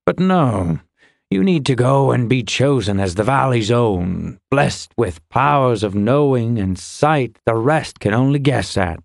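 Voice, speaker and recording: A male narrator voicing a gruff, dry-humored older fire warrior in an audiobook. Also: medium pitch, lively intonation, unhurried, no echo. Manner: grumbling, wry.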